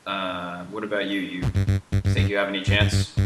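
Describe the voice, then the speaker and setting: Stream host, American man, low voice, playful and explanatory. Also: completely flat delivery, moderate pace, echoey room, over music. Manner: joking, teasing, explains features. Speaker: game developer hosting a stream. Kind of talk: casual livestream chat.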